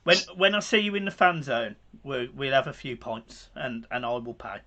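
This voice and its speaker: A man's voice: mid-range voice, expressive, normal speed, sharp tone, lo-fi sound. Emotional, sweary man. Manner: emotional, sighing, heavy swearing. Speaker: co-host of a football watch-along stream. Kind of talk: casual live-stream chat.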